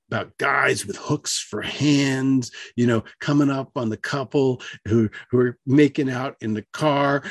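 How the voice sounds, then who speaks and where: A man telling a personal story aloud on the radio, animated, acting out the voices of the people in it. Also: breathy edge, no room sound, studio quality. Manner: animated, acts out voices with big pitch jumps.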